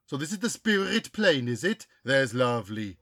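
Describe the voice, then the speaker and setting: A man's voice: mid-range voice, very animated, moderate pace, fairly bright tone, dry recording, studio quality, pitched below the performer's own voice. A man voicing a cheerful newly dead medium's spirit with a Welsh accent.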